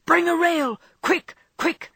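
A woman voicing a quick-acting teenage boy who gives urgent commands, in an audiobook reading. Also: low-pitched, breathy edge, no echo, clean studio sound. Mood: urgent shout.

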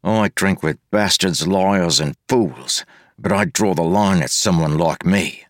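A man voicing a gruff, wisecracking male fighter who talks in rough street slang. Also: low voice, unhurried, no echo, studio quality.

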